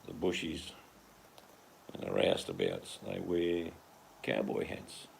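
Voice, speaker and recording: Australian bloke, very low gravelly voice, slangy and joking, faint background noise. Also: male voice, very animated, takes it slowly. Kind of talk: casual rambling monologue.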